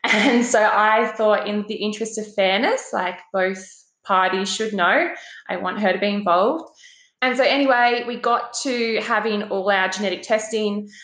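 A young pregnant woman from Australia, casually telling a story and swearing, acting out quoted voices with big jumps in pitch. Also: moderate pace, fairly bright tone. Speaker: guest telling a personal story. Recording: roomy echo.

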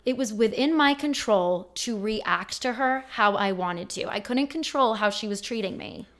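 A woman's voice: on the high side, lively intonation, moderate pace, a bit bright. A woman hosting a podcast in casual chat, blunt and emphatic, swearing freely as she tells stories. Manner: storytelling with acted-out quotes. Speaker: podcast host.

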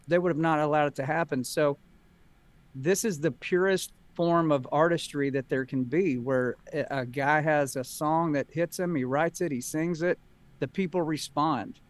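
A man's voice: fairly high pitch, fairly even intonation, normal speed, clear, resonant tone, no room sound. Folksy middle-aged man, dry close sound. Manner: folksy, drawling storyteller. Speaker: guest, country singer. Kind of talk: casual talk show chat.

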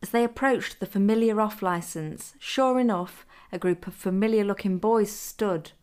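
A woman who is the author, reading her own adult story aloud in a steady, even manner. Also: mid-range voice, moderate pace, clean tone. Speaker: author and narrator.

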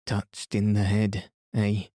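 A man reading the lines of a gruff, suspicious older workman who scolds in rough dialect. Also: lowish voice, completely flat delivery, slow, warm tone, no echo, studio quality. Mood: scolding.

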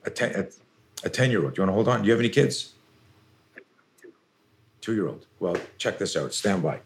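A man's voice: on the low side, animated, a little fast, vocal fry, a little hiss or hum. A middle-aged man, a self-defense coach, telling stories intensely and animatedly as a podcast guest, with casual swearing. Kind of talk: podcast interview storytelling.

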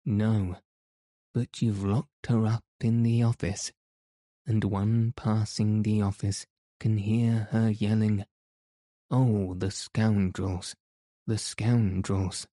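A man's voice: lowish voice, little pitch movement, slow pace, dark tone, no echo, studio quality. A man voicing a furious, suspicious male opera secretary in an audiobook, speaking in an accusing, insistent way.

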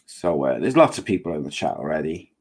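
A man's voice: extremely low pitch, big pitch swings, quick pace, vocal fry. A man with a Welsh accent hosting a podcast, rambling and joking playfully. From Wales. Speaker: podcast host.

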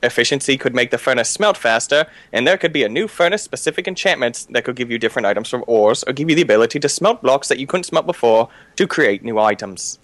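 A man putting on a mock British accent to read out a viewer's game suggestion in a lively, exaggerated way. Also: medium pitch, fast talker, hardly any pauses, no echo, pitched below the performer's own voice, lightly acted. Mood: reading aloud.

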